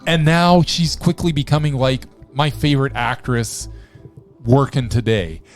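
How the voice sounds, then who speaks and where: A man's voice: mid-range voice, a little slow, faint music behind. A man co-hosting a film review podcast, chatting casually and enthusiastically. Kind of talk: casual chat.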